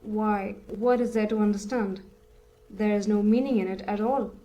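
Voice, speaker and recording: A woman voicing an older male country landowner in an audiobook, calm, resigned and sure of his views. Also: medium pitch, normal speed, a little hiss or hum, close to an everyday voice, rough recording.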